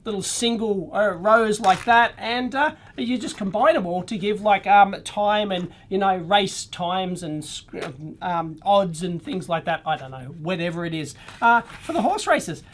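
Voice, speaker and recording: Excitable Australian woman hosting an electronics vlog. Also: mid-range voice, a little slow, a little hiss or hum. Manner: blunt, excitable, with frequent exclamations and fillers. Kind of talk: casual unscripted teardown commentary.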